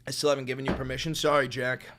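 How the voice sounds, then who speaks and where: A man's voice: medium pitch, little pitch movement, racing, noisy background. A young man hosting a live stream, ranting at his chat in a profane, taunting, combative way. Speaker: streamer, channel host. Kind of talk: live-stream political rant.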